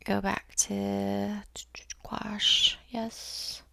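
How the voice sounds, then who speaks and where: A woman's voice: medium pitch, little pitch movement, drawn-out words, creaky, pushed and bright, dry recording. A young woman chatting casually to herself and her viewers while painting on a livestream, rambling and swearing, often dropping into a whisper. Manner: rambling, self-talk, swears, drops to whispers. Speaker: streamer painting live.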